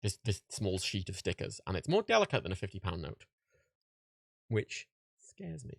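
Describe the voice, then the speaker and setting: Tired guy streaming, swears a lot, bouncy lively voice, dry close mic. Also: on the low side, normal speed, gravelly, no echo. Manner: rambling, sweary, laughs at himself. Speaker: livestream host. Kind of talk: casual livestream chat.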